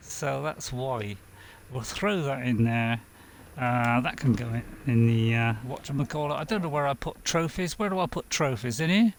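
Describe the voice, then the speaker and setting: A man's voice: medium pitch, moderate pace, slight background noise. A man giving casual gameplay commentary as a streamer, rambling, talking to himself and chuckling often. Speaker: game streamer.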